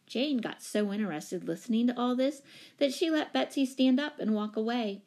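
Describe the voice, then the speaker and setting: A woman narrating a children's storybook with a lively, expressive reading. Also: fairly high pitch, normal speed. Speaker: audiobook narrator.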